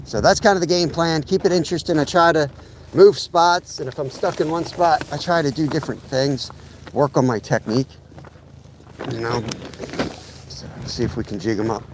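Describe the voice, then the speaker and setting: Husky-voiced man streaming from a lake. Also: on the high side, moderate pace, noisy background. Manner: easygoing, explains gear as he sets up. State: losing his voice. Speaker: fishing channel host. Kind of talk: casual live-stream chat. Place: outdoors at a lake in fog.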